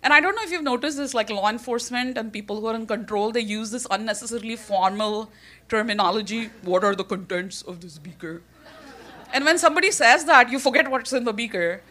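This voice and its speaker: A woman with an Indian accent tells a personal story on stage, her voice fairly high and bright. She is animated and often laughs as she talks. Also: quick pace.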